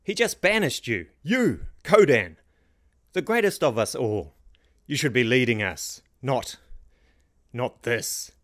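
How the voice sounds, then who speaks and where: A man's voice: medium pitch, sing-song, slow pace, no room sound, clean studio sound, pitched above the performer's own voice. A man voicing a tall, contemptuous male general who speaks firmly. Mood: urgent. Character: tall scornful male general, secretly powerful.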